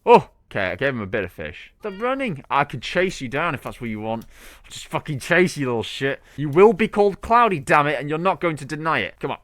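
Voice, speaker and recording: Lively excitable young man gaming. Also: on the high side, brisk, no echo, studio quality. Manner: excitable, chatty, swears freely. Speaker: gaming channel host. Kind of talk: let's play commentary.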